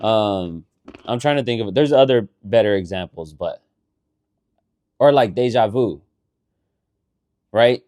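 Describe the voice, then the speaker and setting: A man co-hosting a casual podcast, explaining things in a rambling, animated way and swearing often. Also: fairly low pitch, unhurried, long pauses, no echo. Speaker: podcast co-host. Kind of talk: casual chat.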